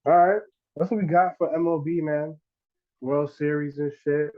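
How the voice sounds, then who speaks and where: A man's voice: fairly high pitch, fairly even intonation, normal speed. A man hosting a sports betting podcast, running the segments in slangy, profane casual talk. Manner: slangy, profane, hypes picks. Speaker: podcast host leading the segments. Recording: slightly dull sound.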